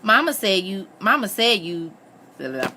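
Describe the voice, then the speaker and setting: A woman's voice: medium pitch, big pitch swings, normal speed, pushed and bright, slight background noise, voice pushed up. A woman voicing a teasing, lovestruck teenage girl in a read-aloud story. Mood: coy. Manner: coy, raised voice.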